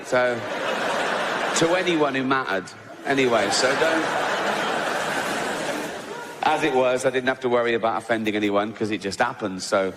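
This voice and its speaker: English comic rambling through a bit. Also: male voice, medium pitch, moderate pace, long pauses, a loud crowd, heavy background noise. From England. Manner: rambling, self-interrupting, cheeky. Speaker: stand-up comedian. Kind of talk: stand-up comedy. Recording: loud live audience laughter.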